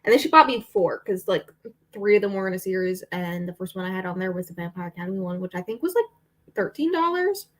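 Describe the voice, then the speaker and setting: A woman's voice: medium pitch, animated, quick pace. A young adult woman book vlogger rambling in casual chat, with lots of fillers. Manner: rambling and chatty, with frequent fillers and laughs.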